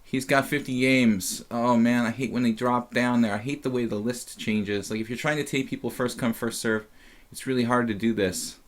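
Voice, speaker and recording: A man's voice: medium pitch, fairly even intonation, moderate pace. A tired man casually commentating his chess simul on a live stream, rambling and chatty with lots of fillers.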